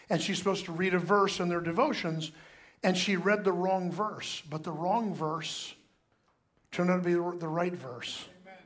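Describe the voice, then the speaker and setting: An older man, a pastor and grandfather, preaching a sermon and telling stories, swinging from hushed to loud and emphatic. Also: high-pitched.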